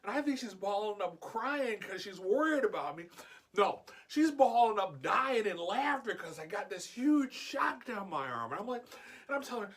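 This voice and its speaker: A man vlogging a casual personal story, animated and acting out the dialogue. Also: sits high, normal speed.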